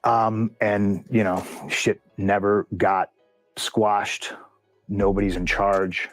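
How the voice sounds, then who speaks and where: A man's voice: fairly low pitch, little pitch movement, takes it slowly, no echo, soft background music. A man telling a backstage story in an interview, heated and profane, acting out what others said. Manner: profane, heated retelling with lots of quoted dialogue. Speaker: interview guest, pro wrestler. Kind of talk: candid storytelling in a long-form interview.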